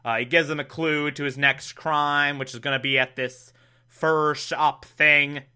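Slow-talking sarcastic young man. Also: fairly high pitch, fairly even intonation, bright, forceful tone, smooth. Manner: sarcastic, laughs often, does quick mock voices. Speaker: podcast host recapping a show. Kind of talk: casual comedic recap.

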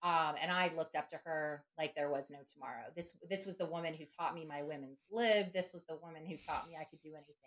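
A woman's voice: low voice, fast talker, few pauses, slight background noise. A middle-aged woman speaking as a podcast guest, reflective and conversational, often checking in with "right?" and "you know". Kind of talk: conversational interview.

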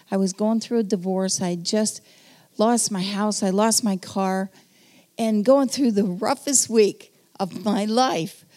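A woman preaching a personal testimony to a congregation. Her voice is warm and mellow, and her pitch sits in a middle range. She speaks earnestly and pauses often as she tells her story. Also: steady tone. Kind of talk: testimony sermon.

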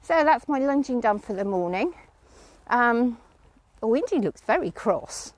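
A woman's voice: a little high, lively intonation, a little slow, no room sound. A middle-aged woman chatting casually outdoors with horses, breaking off to call commands to a horse she is lunging. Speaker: horse owner vlogger.

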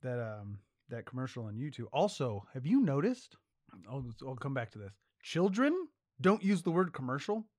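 A man's voice: mid-range voice, very animated, moderate pace, no room sound, studio quality. A man co-hosting a podcast in casual chat, rambling, swearing freely and losing his train of thought. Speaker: podcast co-host.

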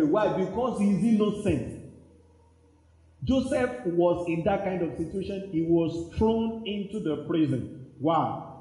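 A Nigerian man in his fifties preaches with lively storytelling and jumps into the voices of the people in his stories. His voice sits a little high yet sounds mellow and dark. The room around him is echoey. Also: unhurried. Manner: animated storytelling, acting out voices in dialogue. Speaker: pastor. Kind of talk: sermon.

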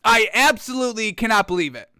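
A man rants through a sports talk segment in a high, bright voice. He sounds exasperated and keeps calling his listeners folks. His voice is smooth and clear on a dry, close mic. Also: animated, fast talker, dry recording. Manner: exasperated, ranting, mocking voices in quotes. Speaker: sports talk show host. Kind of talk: opinionated sports rant.

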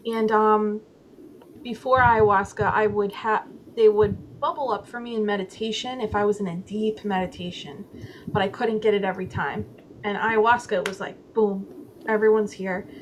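A woman's voice: mid-range voice, fairly even intonation, moderate pace, slight background noise, low-quality recording. A woman guest in a casual interview, candidly telling a personal story and acting out her own inner voices, with many "like" fillers. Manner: frequent "like" fillers.

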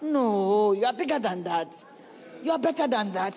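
A woman's voice: mid-range voice, expressive, some chatter behind. Preaching woman in an echoing hall. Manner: earnest and pleading, with sudden drops to a soft, slow voice. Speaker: pastor. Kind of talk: sermon. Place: church sanctuary. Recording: long reverb of a large hall.

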